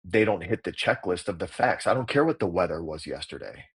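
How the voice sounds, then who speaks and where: Middle-aged male actor-coach, deep husky voice, blunt and salty, explaining his craft. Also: expressive, brisk. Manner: blunt, profane, emphatic. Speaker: actor and acting coach, guest. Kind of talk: casual interview talk.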